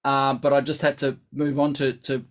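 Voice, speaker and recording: A man's voice: medium pitch, level tone, normal speed. A man teaching brass in a live online lesson, chatty and instructive, thinking aloud as he explains.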